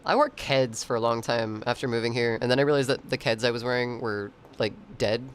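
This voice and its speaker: A man's voice: medium pitch, fairly quick, smooth. A man streaming and chatting casually with viewers, rambling, swearing freely and laughing often. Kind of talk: casual chat.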